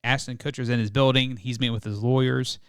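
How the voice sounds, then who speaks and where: A man's voice: mid-range voice, flat delivery, fast talker, a bit bright, smooth, no echo, clean studio sound. A man co-hosting a podcast in casual chat, laid-back and swearing casually while filling in plot details. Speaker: podcast co-host. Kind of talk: casual chat reviewing a TV show.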